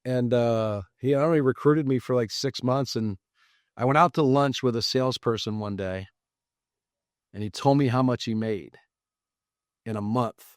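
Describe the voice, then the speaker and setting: A man telling his career story as a podcast guest, lively and acting out the quoted dialogue. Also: mid-range voice, moderate pace, long pauses, no room sound, studio quality. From United States. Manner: animated, acts out quoted dialogue. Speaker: podcast guest, real estate investor. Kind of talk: casual storytelling interview.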